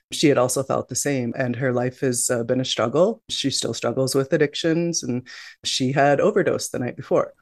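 An extremely low-pitched, slightly mellow female voice belongs to a middle-aged Canadian interview guest telling her life story. She's reflective and candid, with many restarts and repeated "you know"s. The studio sound is clean and dry.

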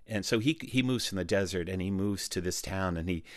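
A man who is a storyteller and musician, chatting in a relaxed, rambling way with many fillers as a radio guest from his own studio. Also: low-pitched, fairly quick, no room sound. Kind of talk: casual radio interview chat.

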